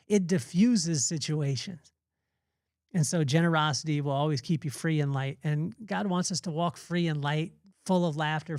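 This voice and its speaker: A man's voice: on the high side, a little mellow, dry recording, clean studio sound. A man hosting a podcast, giving an earnest, rambling devotional talk that often circles back and restarts his phrases. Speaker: podcast host.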